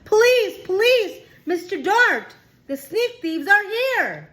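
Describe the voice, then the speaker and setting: A woman doing a brave boy yelling for the police. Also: extremely high pitch, sing-song, takes it slowly, voice pushed up, heavily acted. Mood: shouting. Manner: shouting loudly. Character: boy hero, brave, indignant.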